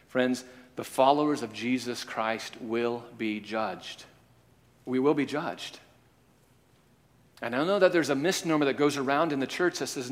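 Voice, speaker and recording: Preacher with lively acted-out storytelling. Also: male voice, medium pitch, big-room sound. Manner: acts out parable voices, shifting loud and soft. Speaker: pastor. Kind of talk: sermon.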